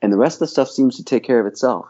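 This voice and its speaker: A man of middling pitch who teaches voice and acting, talking through his ideas in a podcast. He thinks aloud, restarts his sentences, and states firm opinions. The sound is a little dull and lo-fi. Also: racing, crowd noise. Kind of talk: podcast interview.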